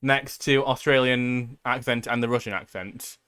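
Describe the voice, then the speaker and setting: Smooth-voiced male podcast host. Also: mid-range voice, fairly even intonation, moderate pace, a bit bright. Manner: rambling, filler-heavy, with many likes and restarts. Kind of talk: casual chat.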